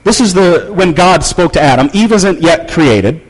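Animated preacher in an echoing hall. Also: male voice, a little high, normal speed, husky. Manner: conversational, emphatic, wry humor. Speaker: pastor. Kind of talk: sermon. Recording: long reverb of a large hall.

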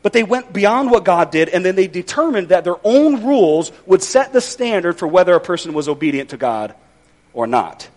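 Man preaching, high voice, very animated, folksy, wry, conversational sermon. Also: moderate pace. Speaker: pastor.

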